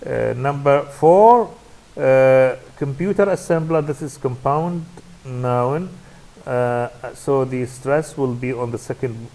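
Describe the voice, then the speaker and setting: Slow-paced man with an Iraqi Arabic accent. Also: medium pitch, mellow, poor audio. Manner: hesitant, many fillers and restarts. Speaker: university English lecturer. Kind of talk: recorded classroom lecture.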